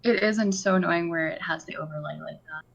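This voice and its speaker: A woman game developer chatting as a guest on a stream, friendly and quick to laugh. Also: on the low side, creaky, lo-fi sound. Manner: friendly, laughs easily, helpful. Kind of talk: casual interview chat.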